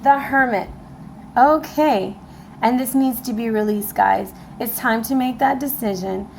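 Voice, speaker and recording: A woman giving a casual tarot reading to camera, excitable and emotional, talking straight to her viewers. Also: a little high, measured pace, gravelly, a little hiss or hum, poor audio. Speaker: tarot reader. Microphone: camera mic.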